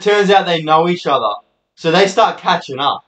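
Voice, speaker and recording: A man's voice: a little high, lively intonation, normal speed, a bit bright. A young man, hosting and telling rambling, sweary stories. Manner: rambling, sweary, laid-back anecdotes. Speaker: host. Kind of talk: casual storytelling monologue. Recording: echoey room.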